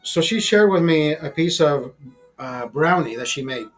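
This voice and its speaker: A man in his fifties telling a personal story in a profane, rambling, animated way, full of restarts. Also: on the high side, unhurried, soft background music. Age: 50s. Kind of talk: casual storytelling.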